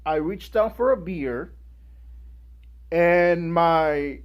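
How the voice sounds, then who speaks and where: A young man giving a guest speech, telling a personal story in an animated way and acting out the people in it. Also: fairly high pitch, drawn-out words. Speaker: guest speaker.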